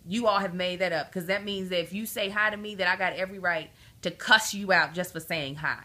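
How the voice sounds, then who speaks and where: A woman vlogging to camera in a bright, tense voice, venting about a parenting problem. She is emphatic and animated and gets more indignant as she stresses her points. She talks casually and directly to her viewers. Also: lowish voice, a little fast. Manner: indignant, exasperated. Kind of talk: casual storytelling rant to camera.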